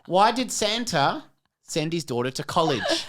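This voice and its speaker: A woman in her thirties banters on a comedy podcast, cracking cheesy puns. Her voice rises and falls a lot, bright with mischief in how she stresses punchlines. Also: lowish voice, sing-song, a little slow. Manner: joking, reads corny puns with playful emphasis. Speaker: podcast co-host. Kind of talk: casual comedic podcast chat.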